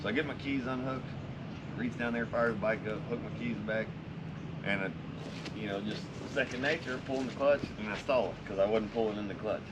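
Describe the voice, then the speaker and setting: A man's voice: fairly low pitch, brisk, very noisy. A man casually telling a story to friends, swearing constantly in a laid-back drawl.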